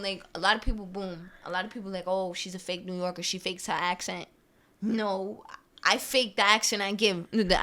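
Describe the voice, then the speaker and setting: A woman's voice: mid-range voice, fairly bright tone. A young woman from New York, a podcast guest, rambling in casual slangy chat and cussing freely.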